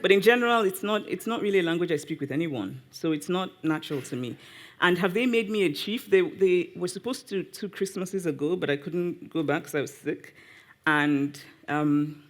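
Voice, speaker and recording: Nigerian woman, guest speaker at a live talk, animated, teasing, self-correcting. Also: on the low side, normal speed. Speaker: guest author. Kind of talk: public conversation, answering audience. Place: live event before an audience.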